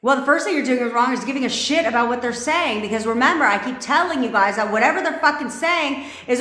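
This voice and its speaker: A woman's voice: high voice, animated, fast, few pauses, pushed and bright. Blunt, cussing woman coach in an echoey room. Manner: blunt, profane, laughing often. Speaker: manifestation coach. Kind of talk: casual livestream talk.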